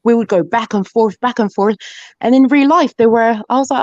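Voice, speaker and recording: A woman's voice: on the high side, darkish tone, no room sound. Panel guest, woman from Jamaica, London-Jamaican accent, teasing banter, dry muffled lo-fi sound. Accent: London mixed with Jamaican. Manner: teasing, laughs often, quick banter. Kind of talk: casual live panel chat.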